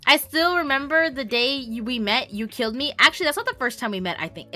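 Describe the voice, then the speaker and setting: A young woman from Canada streams and chats with her viewers, teasing them and trading mock insults. Her voice is bright and a little high, and faint game music plays beneath her talk. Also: lively intonation, fast talker. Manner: playful teasing, bursts of laughter and mock insults. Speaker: variety streamer. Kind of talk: casual chat reading stream chat.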